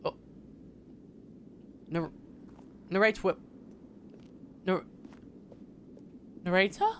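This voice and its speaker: A male streamer chats in a rambling, jokey way, talking back to the game's narrator as he plays. His voice sits a bit higher than most men's. A faint hiss of noise runs behind him. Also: very slow, a bit bright. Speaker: streamer playing a game. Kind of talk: casual livestream commentary.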